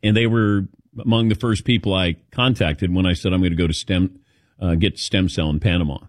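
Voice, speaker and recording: A man's voice: deep voice, fairly even intonation, fairly quick, dry recording, clean studio sound. A man hosting a casual chat show, telling rambling personal stories. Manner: rambling anecdotal storytelling. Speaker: host.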